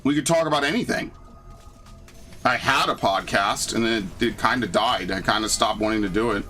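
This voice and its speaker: A man's voice: lowish voice, a little fast, pushed and bright, soft background music. A young man casually commenting on a game playthrough, rambling and swearing freely. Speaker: gaming YouTuber. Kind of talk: casual let's-play commentary.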